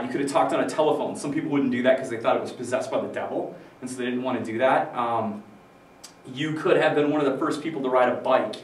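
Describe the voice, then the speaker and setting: A man teaching a casual, joking history lesson to his students, full of fillers and asides. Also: medium pitch. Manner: chatty, joking, loose with fillers. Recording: roomy, distant mic with faint background noise.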